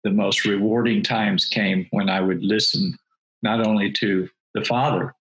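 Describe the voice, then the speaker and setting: An older man, a guest and former missionary, telling stories in a thoughtful, measured way. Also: on the low side, fairly even intonation, fairly bright tone, rough recording. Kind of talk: reflective interview talk.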